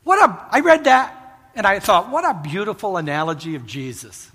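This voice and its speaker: A man's voice: high voice, huge pitch swings, normal speed, fairly bright tone. A middle-aged man preaching a sermon, telling stories and pleading earnestly with the congregation. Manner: storytelling, earnest pleading with laughs. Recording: long reverb of a hall.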